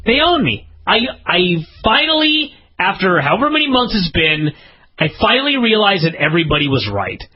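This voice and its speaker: A man co-hosting a podcast, telling a casual, profane story and jumping into high-pitched outbursts. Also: big pitch swings, a little fast, faint music behind. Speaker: podcast co-host. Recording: dull lo-fi podcast audio.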